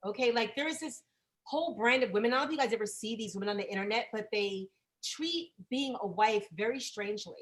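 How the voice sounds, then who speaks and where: A woman in her forties doing a profane, chatty stand-up set that bursts into loud exasperated rants. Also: on the high side, fast. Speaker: stand-up comedian.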